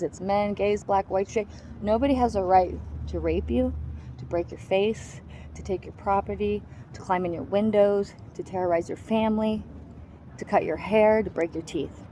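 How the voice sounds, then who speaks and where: A woman's voice: medium pitch, normal speed, dark tone, slight background noise, low-quality recording. A woman giving a raw, personal account of surviving an attack, in a blunt and heavily profane way. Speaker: survivor telling her story.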